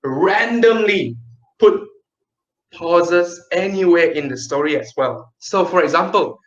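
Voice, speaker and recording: A man's voice: high-pitched, reverberant, dull audio. Playful man teaching kids storytelling. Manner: lively, playful, with dramatic pauses and counting demonstrations. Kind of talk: online kids' class.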